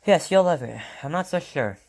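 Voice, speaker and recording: A man's voice: fairly high pitch, animated, normal speed, vocal fry, a little mellow, voice pushed up. A man voicing a cheerful father cooking for his sons, read in an upbeat, coaxing storybook manner.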